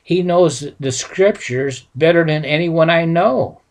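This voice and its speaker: A man's voice: a little high, slow. A man voicing a kindly older rabbi who speaks up earnestly for a good man.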